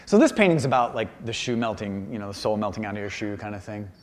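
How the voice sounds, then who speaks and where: A man giving a humorous public talk about his paintings in a university auditorium, animated and self-deprecating. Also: lowish voice, fast, in a large hall. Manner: animated and self-deprecating, acts out quoted voices. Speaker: visiting artist giving a lecture.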